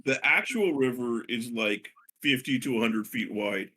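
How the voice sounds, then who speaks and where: A man running a tabletop game as game master, talking in halting bursts full of fillers. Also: medium pitch, lively intonation, bright, forceful tone, breathy edge. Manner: hesitant, halting with many fillers.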